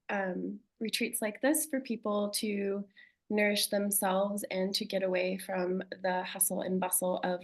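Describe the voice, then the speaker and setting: A woman presenting a retreat on a webinar video call, halting with many ums, her voice a little worn. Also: medium pitch, poor audio. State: losing her voice. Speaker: retreat co-facilitator.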